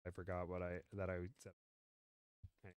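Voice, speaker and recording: Guy cohost joking around and reading aloud, smooth clear voice, dry mic. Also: low voice, monotone, normal speed, dry recording. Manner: playful, jokey asides. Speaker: podcast co-host. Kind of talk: casual chat and reading aloud.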